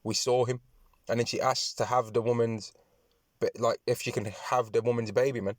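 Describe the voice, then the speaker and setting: A man preaching and reading scripture aloud, talking in repetitive, halting phrases with many restarts, often tagging lines with "man" and "right". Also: medium pitch, flat delivery, no echo, studio quality. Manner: addresses listeners with "man" and "right". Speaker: religious speaker.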